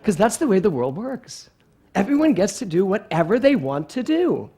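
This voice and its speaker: Lively, high-voiced male pastor. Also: normal speed, breathy edge. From Philadelphia, USA. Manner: animated, playful, storytelling. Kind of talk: sermon.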